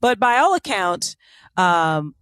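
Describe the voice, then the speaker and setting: A woman's voice: medium pitch, very animated, takes it slowly, a bit bright, smooth, dry recording. A woman co-hosting a podcast, telling a story in casual chat with sarcastic asides and lots of fillers. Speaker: podcast co-host.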